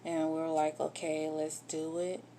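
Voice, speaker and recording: A woman's voice: deep voice, level tone, normal speed, warm tone, slight background noise. A woman candidly telling a personal story in a vlog, getting emotional and swearing when upset. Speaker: vlogger telling her own story.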